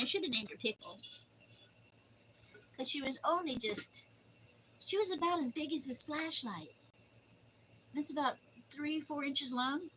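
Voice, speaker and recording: A woman's voice: high voice, lively intonation, unhurried, long pauses, sharp tone, a little hiss or hum, low-quality recording. An older woman chatting casually on her livestream, rambling through stories and cooing at her dog. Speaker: livestream host.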